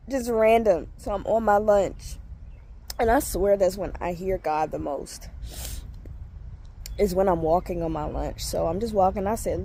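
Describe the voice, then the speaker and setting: A woman's voice: mid-range voice, moderate pace, mellow. A woman vlogging outdoors on her phone, tearful and laughing as she tells a story with lots of fillers. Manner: emotional, laughing, fillers like "you know". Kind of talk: casual storytelling to camera. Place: outdoors walking on lunch break.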